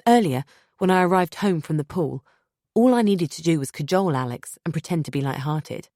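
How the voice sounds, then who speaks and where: Low-voiced woman reading a thriller. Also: expressive, brisk, dark tone, dry recording, clean studio sound. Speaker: audiobook narrator. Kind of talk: first-person thriller narration.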